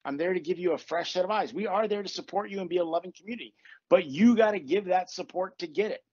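A man's voice: sits high, fast talker, a little mellow, breathy edge. A man hosting a casual podcast as a coach, talking bluntly with tough love and swearing. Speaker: podcast host and manifestation coach. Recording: dull lo-fi recording, dry.

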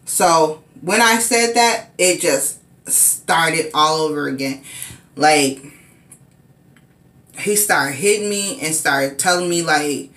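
A woman's voice: sits low, animated, takes it slowly, fairly bright tone, roomy sound. A woman telling a personal story in a casual, rambling way, repeating herself and using many fillers.

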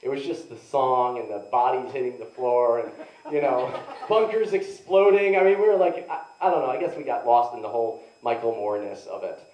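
In a live comedy club, a young adult man with a brisk, slightly mellow mid-range voice rambles through stand-up stories, poking fun at himself and saying "like" a lot. The room is echoey and the mic is heard from afar.

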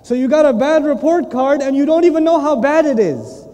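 A middle-aged man preaching a lively sermon, often acting out the voices of the people in his stories. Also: extremely high pitch, fairly quick. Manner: animated, playful, acts out voices. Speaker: Islamic preacher and teacher. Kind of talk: lively sermon with acted quotes. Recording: long reverb of a large hall.

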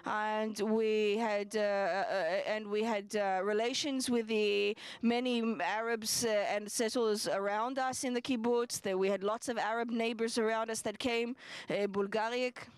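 A woman interpreting testimony live into English in the first person, speaking in halting, measured phrases with frequent restarts. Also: mid-range voice, fairly even intonation, clean tone, no echo.

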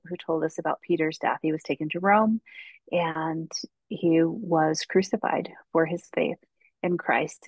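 A woman's voice: fairly low pitch, a little mellow, no room sound, low-quality recording. A woman guest author telling a faith story in an earnest way on a casual podcast, with frequent ums and restarts.

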